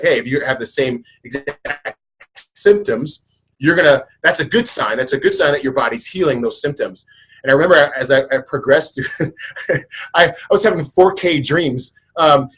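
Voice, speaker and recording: A man's voice: a little high, fairly bright tone, breathy edge, rough recording. A man in his thirties hosting a podcast, chatting casually and telling stories in a rambling way with many restarts. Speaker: podcast host.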